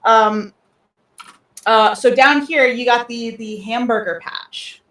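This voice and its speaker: Speaking slowly in a fairly high, slightly bright voice, a woman co-hosts a relaxed podcast chat. She rambles, full of ums and restarts, and sounds off-mic in a roomy space.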